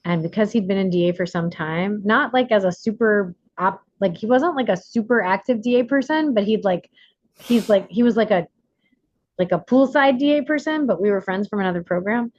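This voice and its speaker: Talking casually at a slightly quick pace, a woman coach with a medium-pitched voice hosts an online workshop. She's animated, acting out the lines she quotes in bright voices. The recording has no echo, though the highs are cut off.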